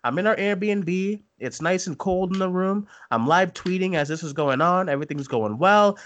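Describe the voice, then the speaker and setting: A man with a slightly raised speaking voice hosts a casual chat show. He talks excitedly, trips over his words and restarts, and drops the odd swear. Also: high voice, normal speed. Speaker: podcast host.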